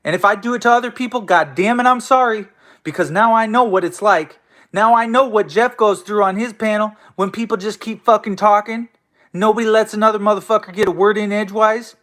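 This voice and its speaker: A man with a noticeably high-pitched voice rants at his listeners as host of his own show. He swears constantly, talks in a confrontational tone and keeps stumbling into restarts. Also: a little fast, a bit bright. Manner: profane, confrontational, stammering restarts. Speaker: host of an online audio room show. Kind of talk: angry ranting monologue.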